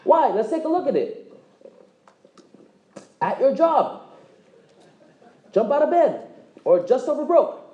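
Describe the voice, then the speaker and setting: High, lively man joking with a crowd. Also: echoey room, highs cut off. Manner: joking, quizzes the audience, acts out quick dialogues. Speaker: presenter at a direct-sales meeting. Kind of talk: motivational sales presentation. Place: meeting room with live audience.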